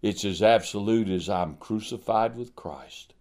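Impassioned preacher swinging from hush to shout. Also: male voice, a little high, very animated, takes it slowly. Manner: dramatic swings from hushed to ringing emphasis; rhetorical questions and repeated refrains. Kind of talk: sermon.

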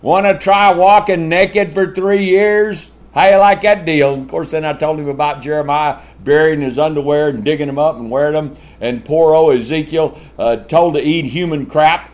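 A man preaching a sermon, swinging from shouted lines to hushed ones and laughing often. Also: on the high side, fairly quick, hardly any pauses.

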